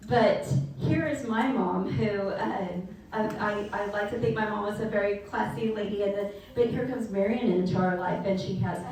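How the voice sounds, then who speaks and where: A woman's voice: mid-range voice, normal speed, darkish tone. Distant woman reminiscing in an echoey room. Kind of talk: casual reminiscing. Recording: distant, echoey with background noise.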